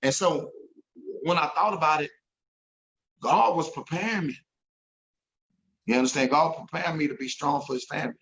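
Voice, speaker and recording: A man's voice: a little high, moderate pace, gravelly, long pauses, a bit bright, lo-fi sound. A man telling an emotional story as an interview guest, earnest and repeating himself when moved.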